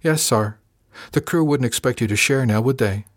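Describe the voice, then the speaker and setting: A man voicing a smug, playful young female crew member in an audiobook, lifting his voice higher for her teasing lines. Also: moderate pace, dry recording, studio quality, natural voice.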